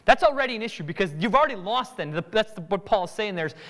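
Guy preaching, super expressive, high voice bouncing all over, big echoey church hall. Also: racing. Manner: animated, acts out both sides of conversations. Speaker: pastor. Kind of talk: sermon.

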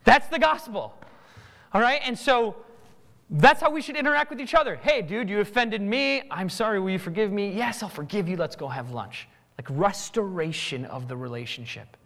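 A man's voice: sits high, animated, normal speed, fairly bright tone, long reverb tail. A man preaching a sermon, acting out both sides of everyday conversations. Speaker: pastor.

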